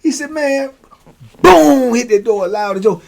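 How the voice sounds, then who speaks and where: A man hosting a show, telling a prison story in a casual, animated way, full of slang and "you know what I'm saying.". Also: very high-pitched, normal speed, vocal fry. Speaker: host telling prison stories.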